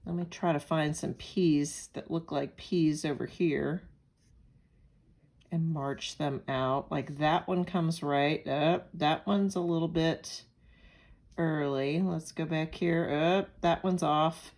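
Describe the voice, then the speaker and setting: A woman's voice: low-pitched, fairly even intonation, takes it slowly, a little mellow. A woman from Pennsylvania giving a recorded lecture as an instructor, talking in a conversational way with analogies and asides. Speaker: nursing instructor.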